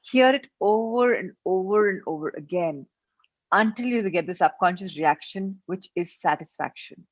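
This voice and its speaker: A woman's voice: lowish voice, expressive, normal speed, no room sound, muffled recording. A woman with an Indian English accent leading a self-help session, switching between English and Hindi and repeating her instructions. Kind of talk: guided self-help class.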